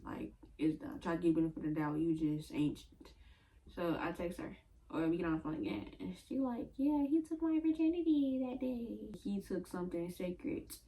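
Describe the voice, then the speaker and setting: A young woman tells a casual story in a slangy, chatty way, slipping into the voices of the people she quotes. Her voice sits fairly low, and she is a little off the mic. A faint hum of room noise runs underneath. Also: mellow, distant mic. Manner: slangy, conversational, acts out quoted dialogue. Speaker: storyteller vlogger.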